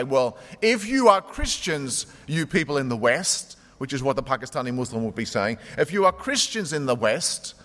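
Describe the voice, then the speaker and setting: A man's voice: medium pitch, a bit bright, big-room sound. A man preaching a sermon as pastor, talking in a conversational way and retelling stories through quotes.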